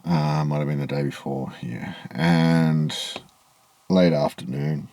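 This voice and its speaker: Filming himself outdoors in the low evening light, a vlogger tells a rambling, aggrieved story straight to camera, swearing freely. His voice rumbles low, mellow and slow, with fairly even intonation.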